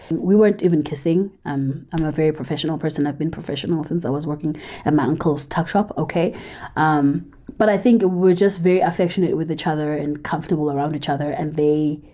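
A woman's voice: deep voice, dark tone. A woman with a South African accent, telling a personal story in a candid, chatty vlog. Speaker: film reviewer and vlogger.

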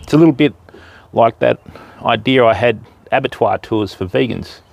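Speaking at a moderate pace with a creaky, medium-pitched voice, this Australian man runs a riverside fishing livestream. His talk is easygoing live-stream banter, full of jokes and shout-outs to viewers by name.

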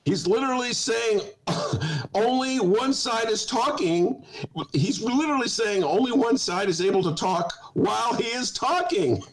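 A man's voice: very high-pitched, animated, measured pace, poor audio. A man hosting a talk show, giving casual comic commentary in a digressive way and often breaking into laughter.

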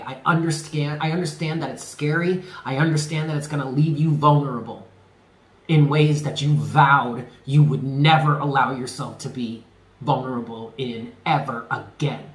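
A man giving a spoken tarot reading, earnest and emphatic, often repeating himself and dropping low on key words. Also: fairly even intonation, normal speed, roomy sound. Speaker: tarot reader.

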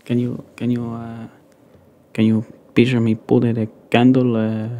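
A man's voice: mid-range voice, completely flat delivery, normal speed, mellow. A man whispering a rambling, playful ASMR chat to his viewers, close to a sensitive microphone. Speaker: ASMR creator.

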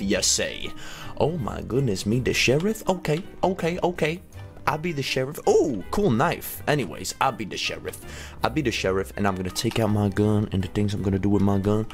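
A young man narrates his gameplay with a lively, swooping voice that leaps into high excited shouts. He is sick with a headache but keeps up the energy. Faint game music plays behind him. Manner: animated, jumps into sudden high excited shouts. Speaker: gaming YouTuber.

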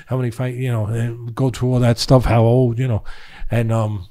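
A man's voice: mid-range voice, flat delivery, moderate pace, dark tone. An older man, a boxing trainer, telling a story in rambling casual talk with many restarts. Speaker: boxing trainer and podcast guest.

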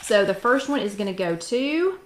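Excited lady hosting a live chat from her kitchen, bubbly, drags out her words. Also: medium pitch, a little hiss or hum. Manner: bubbly and excited, drawn-out exclamations. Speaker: host.

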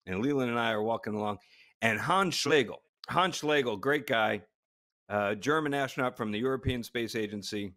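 A middle-aged man spins an anecdote in easy, casual podcast chat. He laughs often and stumbles over his restarts, with an average voice that is neither high nor low. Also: moderate pace, a bit bright. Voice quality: short of stature (said), plain voice. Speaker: podcast co-host, former astronaut.

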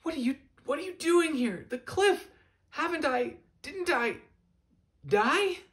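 Casting: male reader voicing a young seagull, high and eager, bursts of startled questions, storybook reading. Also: slow pace, exaggerated voice. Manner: high, excited outbursts and questions.

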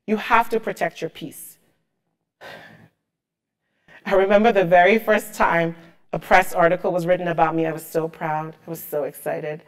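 A woman's voice: on the low side, fairly even intonation, normal speed, pauses often. A woman in her thirties, a marketing executive, speaking emphatically and with motivation as the guest of an onstage interview, often repeating words for stress.

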